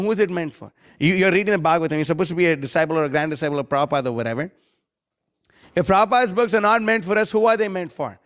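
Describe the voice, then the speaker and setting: A man's voice: fairly high pitch, smooth. A man giving a devotional scripture class, firing rhetorical questions, reciting Sanskrit verses and mimicking critics in a mocking tone.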